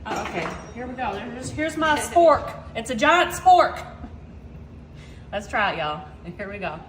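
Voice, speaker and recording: Chatty high-voiced woman cooking at home. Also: unhurried, reverberant, slight background noise. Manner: chatty, keeps addressing viewers as y'all; excitable about food. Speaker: cooking vlogger. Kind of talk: casual cooking demonstration. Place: home kitchen.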